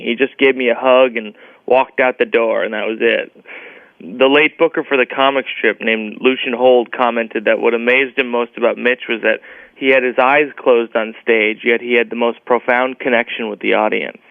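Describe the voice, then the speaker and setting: A man's voice: mid-range voice, fairly even intonation, moderate pace, vocal fry, no room sound. A man telling a scripted personal story on radio in a wry, earnest, self-deprecating way, heard over a phone-like line. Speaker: comedian guest. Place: radio studio.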